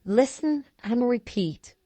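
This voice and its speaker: A woman's voice: a little high, slow. A woman reading short instruction prompts in a language lesson. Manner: brief, even instructions.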